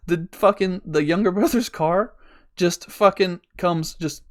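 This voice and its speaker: A man's voice: high-pitched, a little slow. A young man hosting a podcast, telling a long rambling story in casual chat, swearing a lot and laughing as he goes. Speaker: podcast host.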